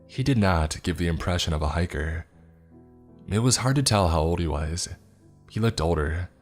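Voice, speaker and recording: Deep-voiced male horror narrator. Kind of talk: scripted horror story narration.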